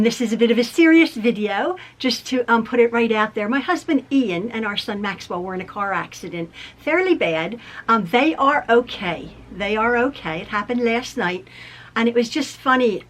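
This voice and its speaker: A middle-aged woman speaks straight to her viewers in a casual vlog. Her voice sits a little high, and she circles back on her words with ums and small laughs as she tells a personal story. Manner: chatty, laughs at herself, many ums and restarts. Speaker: quilting vlogger.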